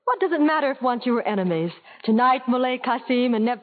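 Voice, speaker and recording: A woman's voice: a little high, animated, quick pace, phone-quality sound, close to an everyday voice. A woman voicing a scheming young princess bride who talks in a coy, theatrical way, in a 1940s radio comedy. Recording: thin old radio broadcast.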